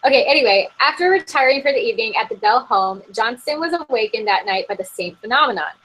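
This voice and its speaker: A woman co-hosts a podcast over a remote call, her fairly high, bright voice moving fast and full of expression despite the rough recording. She reads a spooky story from an article in a casual, giggly way, saying "like" constantly.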